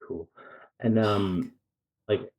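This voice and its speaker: A man's voice: lowish voice, steady tone, drawn-out words, a little mellow, husky. A man co-hosting a casual chat, laid-back and given to short reactions.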